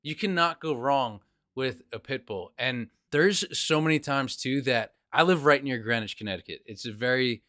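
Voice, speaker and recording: Enthusiastic young host, very dry sound. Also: male voice, medium pitch, moderate pace, dry recording. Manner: animated, enthusiastic, says "dude" and "like" a lot. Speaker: podcast host. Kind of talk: casual chat.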